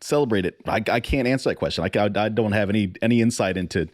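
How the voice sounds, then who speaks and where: A lower-voiced man co-hosting a podcast in an easygoing chat. He laughs a lot, curses freely and restarts his sentences with repeated words. The sound is dry and close, with no room echo. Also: quick pace. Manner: laughs often, swears casually, repeats words when starting. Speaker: podcast co-host. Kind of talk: casual chat.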